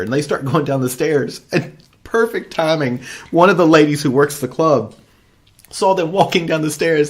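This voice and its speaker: A man, co-hosting a podcast and telling stories in a casual, lively way with frequent swearing. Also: fairly high pitch, a little fast. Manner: lively, swears often, animated storytelling. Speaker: podcast co-host. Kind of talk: casual chat.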